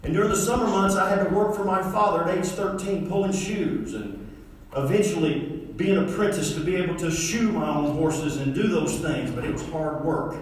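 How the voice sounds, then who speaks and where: A man's voice: on the high side, normal speed, slight background noise. A middle-aged man giving a motivational talk to a live audience, telling a folksy story and acting out the dialogue with his father. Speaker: motivational speaker. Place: large hall with an audience. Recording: echoey hall, mic far off.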